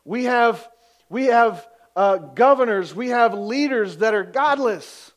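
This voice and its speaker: A man's voice: extremely high pitch, expressive, takes it slowly. A man preaching a sermon as pastor, telling a story earnestly and building to emphatic exhortation.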